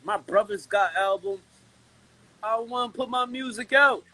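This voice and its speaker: A man from Brooklyn talking as a guest in a casual hip-hop chat, animated and slangy, restarting his sentences a lot. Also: very high voice, normal speed, over a noisy crowd, poor audio.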